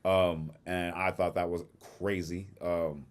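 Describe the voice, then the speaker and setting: A deep-voiced podcast co-host tells a story slowly during a casual chat. He's an animated storyteller who acts out quotes and swears freely.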